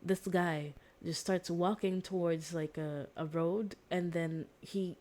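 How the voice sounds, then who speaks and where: A woman's voice: on the low side, fairly even intonation, takes it slowly, darkish tone. A woman streamer casually retelling a story in a rambling way, with lots of fillers and restarts. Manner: rambling, filler-heavy, self-correcting.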